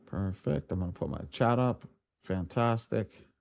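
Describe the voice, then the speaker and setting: A man acting as software trainer, speaking casually and in slang straight to the viewers of a live online class. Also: deep voice, lively intonation, a little slow, gravelly.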